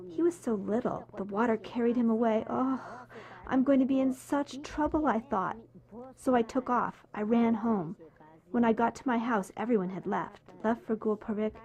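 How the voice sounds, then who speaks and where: A woman giving a first-person voice-over translation of a life story, telling it in an animated way and voicing the people she quotes. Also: on the high side.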